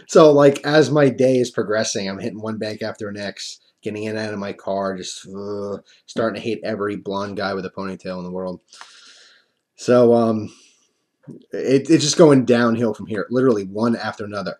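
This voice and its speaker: A man's voice: fairly low pitch, a little fast, a little mellow. A man telling a casual storytime to camera, rambling with lots of fillers and wry self-mocking humor. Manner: rambling, chatty, many fillers and restarts. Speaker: coin-collecting vlogger.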